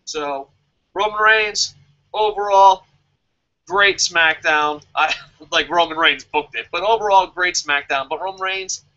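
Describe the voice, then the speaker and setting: A man's voice: high voice, a little slow, pushed and bright, dull audio. A man giving a casual, profane, joking rant as a show reviewer and reading viewer comments aloud. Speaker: wrestling review vlogger.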